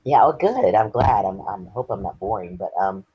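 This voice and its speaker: A man's voice: fairly low pitch, animated, moderate pace, breathy edge, dry recording, dull audio. A man, earnestly sharing his personal story as an interview guest. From Texas. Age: 50s. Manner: earnest, candid and reflective.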